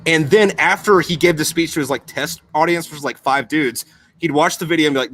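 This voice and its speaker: A man's voice: a little high, a little fast, a little hiss or hum. A young man chatting casually on a podcast, rambling and swearing constantly as he explains things. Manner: profane, rambling, animated.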